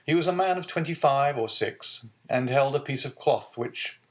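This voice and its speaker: A man narrating a classic novel as an audiobook, in a steady, measured reading. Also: mid-range voice. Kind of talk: scripted narration.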